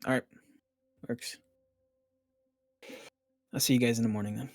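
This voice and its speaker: A man's voice: medium pitch, fairly even intonation, moderate pace, no echo. A man playing a tabletop game, talking in character in a plain, easygoing way. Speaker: player.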